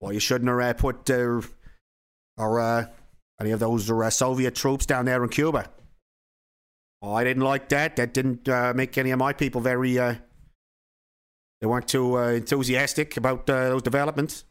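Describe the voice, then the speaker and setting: A man putting on the voice of an American president, slow and halting with many pauses. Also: medium pitch, flat delivery, clean tone, voice pushed down, lightly acted. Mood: wry.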